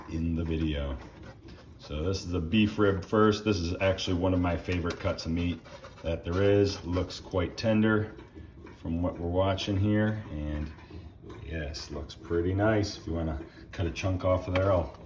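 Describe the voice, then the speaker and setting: A man hosting a casual cooking demonstration, talking in a relaxed way while he tastes the food. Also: deep voice, a little hiss or hum. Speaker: cooking channel host.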